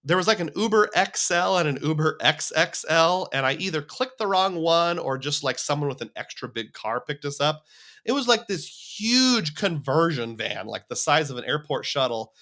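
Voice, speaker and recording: Male stream host, rambling and chatty, bright tone, a bit high. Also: very animated, moderate pace. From United States. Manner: rambling, chatty, reads viewer comments aloud. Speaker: livestream host. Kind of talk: casual livestream chat.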